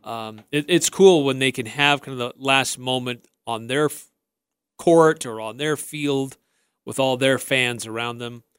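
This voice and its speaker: A man's voice: medium pitch, unhurried, fairly bright tone, clean tone, no room sound, soft background music. A man hosting a sports talk radio show in a studio, friendly and chatty, often restarting his sentences.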